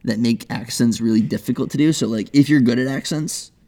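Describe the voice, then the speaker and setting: A man's voice: medium pitch, brisk, warm tone. Guy joking around on a podcast, rambly, lots of likes and ums. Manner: joking, rambling, self-deprecating. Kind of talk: casual chat.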